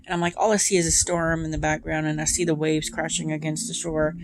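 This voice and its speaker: Talking fast in a low, flat voice against a noisy background, a woman tarot reader chats to camera for her viewers. She's chatty, peppers her speech with ums and asides, and dwells on feelings.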